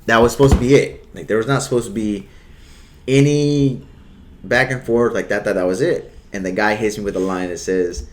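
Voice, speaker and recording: Man, host, casual chat, rambling storyteller, acts out quotes, lowish voice, faint background noise. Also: moderate pace.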